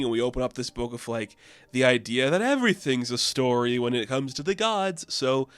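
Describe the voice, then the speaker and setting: A man's voice: mid-range voice, very animated, fairly quick, smooth, no echo. Chatty man rambling through a comic review. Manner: chatty, rambling, full of "like" and "you know". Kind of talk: casual comic review vlog.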